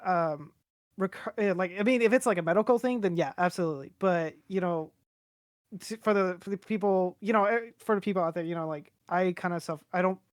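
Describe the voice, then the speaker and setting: A man's voice: high voice, brisk, no room sound, clean studio sound. A man in his twenties chatting casually on a podcast, rambling and candid, swearing freely as he talks. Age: 20s. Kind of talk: casual chat.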